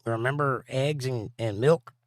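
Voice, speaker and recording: A man hosts a laid-back livestream, reading out chat messages in a playful, goofy way. His voice sits at a middling pitch and sounds dry and close to the mic. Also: a little slow, no room sound. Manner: reads viewer comments aloud in playful voices.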